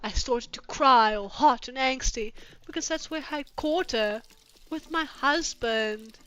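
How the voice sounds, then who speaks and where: A young woman streamer doing a comic dramatic reading of fanfiction, with sarcastic, profane, deadpan asides into a streaming mic. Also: sits high, a little slow. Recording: dull lo-fi with music behind.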